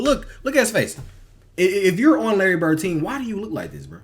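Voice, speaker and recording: A man reacting to clips in casual commentary, animated, laughing and full of slangy exclamations. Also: sits high, brisk. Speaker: reaction streamer.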